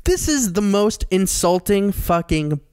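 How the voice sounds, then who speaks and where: A man co-hosting a comedy podcast in casual chat, animated and quick to jump into high comic voices. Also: clear, resonant tone, no room sound, clean studio sound. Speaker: podcast co-host.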